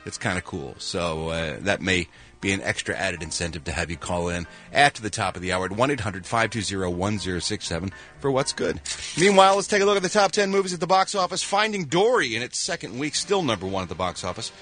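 Lively, animated male radio host. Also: deep voice, soft background music. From Philadelphia. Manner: animated, jokey, with quick sound-effect interjections. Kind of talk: morning radio entertainment news. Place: radio studio.

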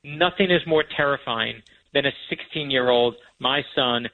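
A man's voice: mid-range voice, normal speed, no echo, narrow, tinny audio. A man guesting on a radio interview as an author, telling stories with self-deprecating humor. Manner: animated storyteller, self-deprecating.

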